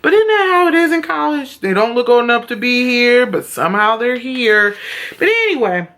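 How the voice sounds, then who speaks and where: Woman, casual TV recap, excitable and profane, somewhat high voice. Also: normal speed. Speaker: vlogger reviewing a TV episode.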